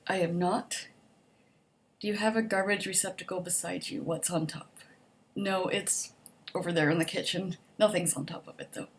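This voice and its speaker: A woman's voice: lowish voice, darkish tone. A young adult woman casually reading survey questions aloud and answering them in a chatty, upbeat way, with lots of "like" and "um". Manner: chatty, upbeat, optimistic, frequent "like" and "um". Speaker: vlogger.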